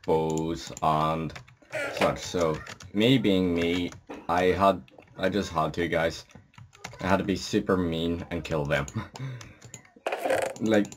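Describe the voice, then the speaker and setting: A young man just out of bed talks through his game in an extremely deep, groggy voice. He rambles and swears when something startles him. Steady background hiss and keyboard clicking fill his home microphone recording. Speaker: gameplay commentator. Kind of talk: casual gameplay commentary.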